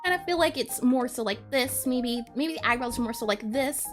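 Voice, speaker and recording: A woman's voice: fairly high pitch, normal speed, faint music behind. A woman streaming as she draws, chatting casually, reading chat aloud and giggling often. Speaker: art streamer. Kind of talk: casual live-stream chat while drawing.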